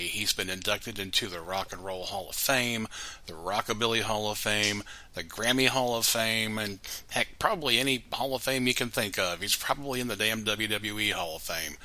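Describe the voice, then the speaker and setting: A man's voice: on the low side, moderate pace, sharp tone, poor audio. A man hosting a music show, introducing songs with wry, sarcastic asides in a casual scripted way. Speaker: radio show host.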